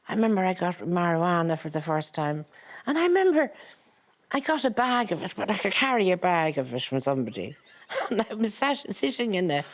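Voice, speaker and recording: An older Irish woman, a guest in a casual chat, telling stories with dry wit and laughter. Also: on the low side. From Ireland.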